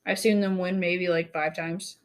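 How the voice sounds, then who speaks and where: A woman's voice: on the low side, flat delivery, moderate pace. A woman in her twenties co-hosting a podcast, chatting casually and bluntly, with casual swearing. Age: 20s. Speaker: podcast co-host. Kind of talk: casual chat.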